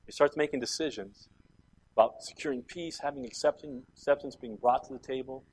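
A man preaching a sermon as pastor, moving between quiet, intimate passages and loud, fervent climaxes. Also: medium pitch, lively intonation, a little slow, gravelly. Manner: impassioned preaching that swings between soft and loud.

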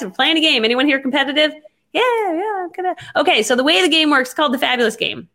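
A woman telling a business story in casual conversation, animated and quick to act out her own past lines. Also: on the high side. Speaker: network marketing entrepreneur.

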